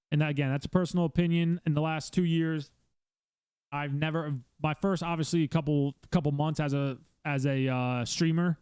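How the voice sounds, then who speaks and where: A man's voice: on the high side, a little mellow, clean tone, no room sound. A male streamer hosting his own podcast, giving blunt casual advice with lots of swearing and fillers, talking from a room at home.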